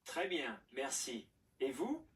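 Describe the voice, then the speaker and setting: A man playing a courteous speaker in a scripted language-course dialogue, speaking slowly and deliberately. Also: medium pitch, wildly swooping pitch. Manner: slow, polite, deliberate. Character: courteous man greeting and waiting on customers. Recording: audio played from a distance.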